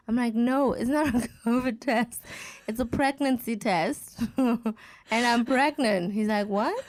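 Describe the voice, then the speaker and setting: A podcast guest in her thirties tells a story in a slow, somewhat high voice during a casual conversation. She gets animated, acting out the words of the other people involved.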